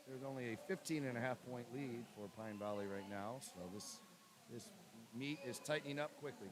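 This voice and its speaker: A man announcing lane assignments and calling races as commentator for a swim meet livestream, with a steady list-reading cadence. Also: mid-range voice. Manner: reads lane lists in a steady cadence, banters with co-host.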